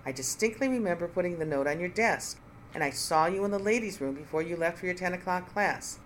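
A reader voicing a shrill, insistent female coworker who keeps making accusations in an audiobook. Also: brisk, a little hiss or hum, lightly acted. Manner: insistent, high and emphatic.

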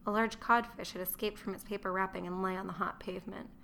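A woman reading a historical novel aloud, measured and dry. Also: mid-range voice, steady tone, gravelly, pushed and bright, slight background noise. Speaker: narrator. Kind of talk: audiobook narration.

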